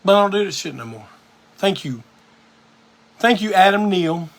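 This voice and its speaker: A man's voice: sits high, lively intonation, normal speed. A man hosting a live music show, telling a rambling, profane story in a casual monologue.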